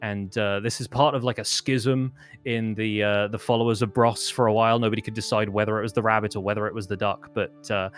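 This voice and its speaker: A man's voice: lowish voice, steady tone, brisk, fairly bright tone, clear, resonant tone, faint music behind. Rambling man running a tabletop game. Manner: rambling, many fillers. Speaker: game master.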